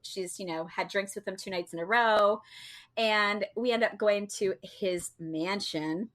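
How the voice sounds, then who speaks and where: A woman's voice: medium pitch, a little slow, fairly bright tone. Chatty woman telling a story with fillers. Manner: chatty, laughing, many fillers. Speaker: podcast co-host. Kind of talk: casual storytelling.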